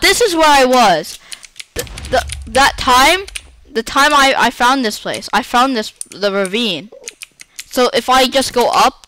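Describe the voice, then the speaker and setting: A woman's voice: a little high, sharp tone, a little hiss or hum. A woman giving chatty gameplay commentary, breaking into dramatic squeals and panicked repeated cries. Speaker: Minecraft let's-play creator.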